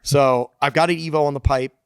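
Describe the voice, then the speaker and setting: A man's voice: on the high side, fairly even intonation, fairly quick, clean tone, dry recording, studio quality. A man talking as a podcast guest, a loose storyteller who swears casually. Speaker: guest engineer and shop founder.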